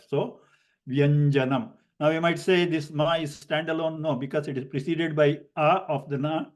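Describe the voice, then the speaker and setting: A man teaching a Sanskrit grammar class online, explaining slowly and deliberately with many fillers and spelling out syllables letter by letter. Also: a little high, steady tone. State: coughing at times.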